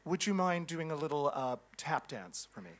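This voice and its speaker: A man's voice: a little high, very animated, moderate pace. A man playing a dismissive casting judge in a comic sketch, talking in clipped, brusque bits with hesitations.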